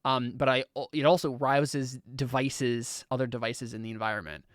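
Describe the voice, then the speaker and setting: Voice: medium pitch, fairly even intonation, normal speed, no room sound. Game master for a tabletop game, casual and hesitant, mid-range voice, dry close sound. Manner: casual, hesitant, lots of fillers.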